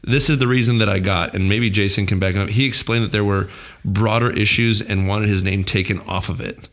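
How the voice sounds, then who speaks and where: A man's voice: fairly low pitch, fairly even intonation, fairly quick, a bit bright. A man hosting a casual podcast chat, working through his notes and asking his co-hosts questions. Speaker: podcast host.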